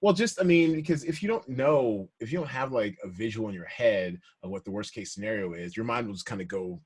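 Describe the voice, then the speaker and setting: A man hosting a podcast, chatting casually and animatedly about movies, laughing often with quick asides. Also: lowish voice, lively intonation, slightly rough. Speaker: podcast host. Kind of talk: casual chat.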